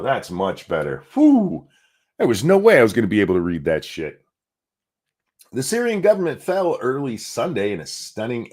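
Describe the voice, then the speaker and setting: A man's voice: medium pitch, a little mellow. An American man hosting a casual livestream show, sarcastic and profane, reacting to news and reading out viewer donations. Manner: sarcastic, profane, reads chat donations aloud. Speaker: podcast host.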